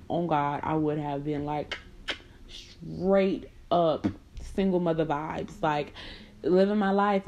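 Blunt and slangy, this young woman casually recounts a personal story, laughing between lines. Her tone is dark, and she jumps into high mocking voices whenever she quotes someone.

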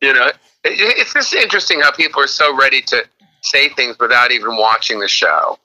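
A man being interviewed, telling lively stories in casual chat and acting out the people he quotes. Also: brisk, poor audio. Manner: animated storyteller, acts out quotes in a higher voice. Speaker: guest.

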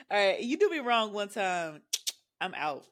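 Animated woman co-host, lively pitch. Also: slow pace. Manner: animated, acting out quotes. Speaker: podcast co-host. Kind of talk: casual chat.

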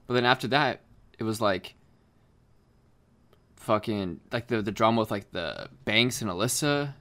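A man's voice: fairly low pitch, unhurried, a bit bright. A young man, the podcast co-host, chatting casually, full of fillers and restarts and swearing often. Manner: rambling, profane, frequent fillers and restarts. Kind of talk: casual chat.

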